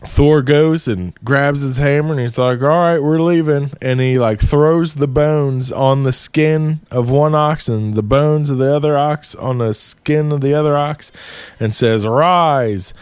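Male host, casual profane storyteller, unhurried delivery, smooth close sound. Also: medium pitch, dry recording. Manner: profane, animated retelling.

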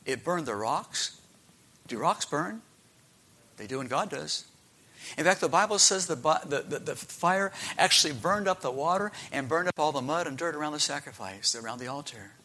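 Animated bright-voiced man preaching. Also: a little high. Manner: animated storytelling, asks the listeners questions. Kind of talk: children's Bible story sermon.

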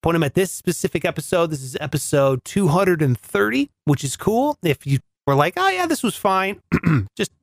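A man's voice: fairly high pitch, animated, moderate pace, vocal fry, no echo. A man hosting a podcast, telling a comedic story in a chatty, sarcastic way. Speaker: podcast host.

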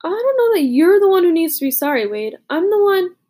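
A woman voicing a rough, blunt teenage boy soldier, once a bully, in an audiobook. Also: very high voice, big pitch swings, a little fast, mellow, pitched above the performer's own voice. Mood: warm.

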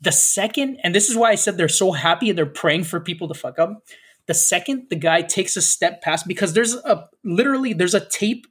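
A man's voice: high-pitched, fairly bright tone, breathy edge. A man in a casual chat, telling a rambling story full of fillers and acting out the people in it. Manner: rambling storyteller, acts out quoted officers, many fillers.

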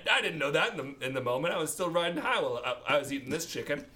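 A man's voice: on the high side, expressive, racing, bright, forceful tone. A man co-hosting a podcast, rambling and joking in casual chat and laughing often. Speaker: podcast co-host.

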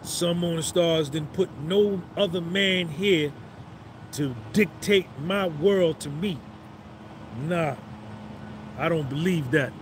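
A man in his fifties brags through a motivational rant on a live phone stream, with a fairly high voice. He swaggers and hammers each point by repeating it. Faint street traffic hums behind him outdoors. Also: slow pace. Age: 50s. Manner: swaggering, repeats phrases for emphasis. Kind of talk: boastful motivational monologue.

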